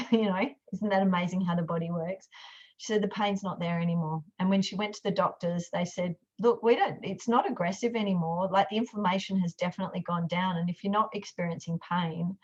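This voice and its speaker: A woman, a coach telling a client's story in an animated way, acting out the quotes. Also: lowish voice. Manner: animated storyteller, acts out quotes, fillers and restarts. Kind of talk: storytelling talk. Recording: dull lo-fi audio.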